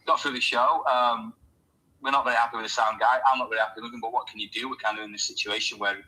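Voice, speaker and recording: A man's voice: medium pitch, fast, slightly rough, poor audio. A man hosting a casual chat, telling a story and acting out what people said. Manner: animated storyteller, acts out quoted voices. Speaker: host.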